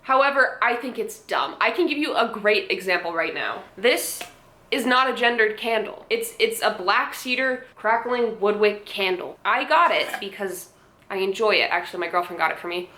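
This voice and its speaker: A woman's voice: mid-range voice, animated, moderate pace, bright, forceful tone. Sarcastic young woman in an echoey room. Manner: blunt, sarcastic, swears and laughs often. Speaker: vlogger. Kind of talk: casual commentary.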